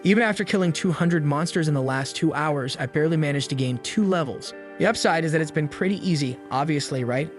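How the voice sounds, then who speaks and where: A cool, confident young hero from a comic recap, voiced by a man, matter-of-fact and unhurried in his asides. The voice is a little high, with faint music behind. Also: natural voice. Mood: calm.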